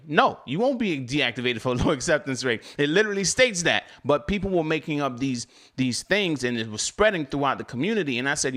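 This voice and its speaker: A young man telling his story as a delivery driver in a casual live-stream chat, animated and climbing higher when he gets heated. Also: brisk.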